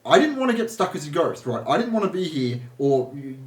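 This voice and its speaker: This energy healer rambles casually in a sing-song voice on the high side, talking fairly quickly with frequent restarts, asides and laughter. The room he's in is echoey.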